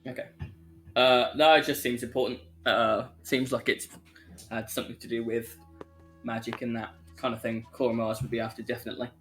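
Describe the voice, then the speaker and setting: A man's voice: medium pitch, little pitch movement, a little fast, fairly bright tone. Brummie man reading rules aloud. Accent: Birmingham. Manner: casual, reads rules aloud with fillers. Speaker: player. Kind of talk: casual tabletop game chat. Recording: music bed under voice.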